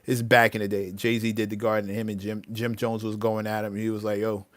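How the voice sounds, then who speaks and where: A man's voice: lowish voice, flat delivery, brisk, dry recording. A man hosting his own livestream, ranting emphatically about entitlement, often restarting his words. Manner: heated, emphatic, with many repeated restarts. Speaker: livestream host and rapper.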